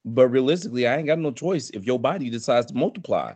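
A man rants in a profane, animated way on a casual podcast. His voice sits in the middle of the range. The sound is dry and close. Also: mid-range voice, fast, breathy edge, no room sound. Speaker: podcast co-host.

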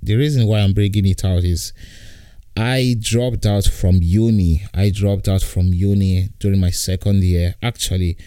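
A man's voice: low voice, steady tone, measured pace, warm tone, clean tone, dry recording, clean studio sound. A man in his twenties from Italy, hosting a casual podcast monologue from home while lying down, rambling with frequent repeats and laughs. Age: 20s. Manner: rambling, repetitive, laughs often. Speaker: podcast host and comedian.

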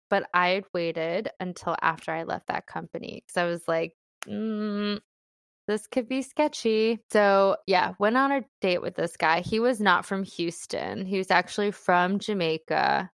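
Chatty young woman, smooth dry voice. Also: fairly low pitch, a bit bright, no room sound. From Philippines. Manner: chatty storytelling, lots of fillers and laughs. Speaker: guest telling a dating story. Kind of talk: casual chat.

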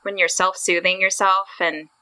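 Bright, dry-voiced woman podcaster. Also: medium pitch, steady tone, normal speed, no room sound, poor audio. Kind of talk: casual chat.

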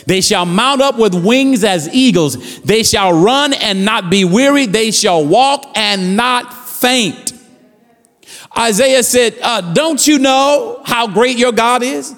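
A man's voice: very high voice, slow, fairly bright tone, in a large hall. A man preaching a fervent sermon as pastor, repeating phrases and building with rising calls to the congregation.

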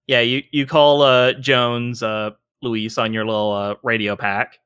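A man narrating a tabletop game as game master, halting and full of filler words. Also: medium pitch, steady tone, sharp tone, smooth, no echo, studio quality.

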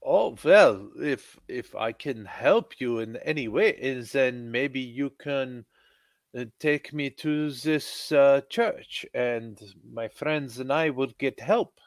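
A man playing an earnest doctor stranded after a crash, talking in broken, halting phrases. His pace is slow and the recording is dry and close. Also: mid-range voice, expressive, dry recording.

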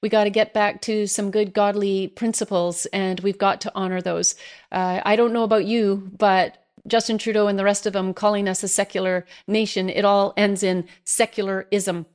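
A Canadian woman hosting an online show, talking earnestly to her viewers with many pauses and fillers. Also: mid-range voice, little pitch movement, darkish tone, clean tone. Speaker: host. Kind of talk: direct-to-camera commentary.

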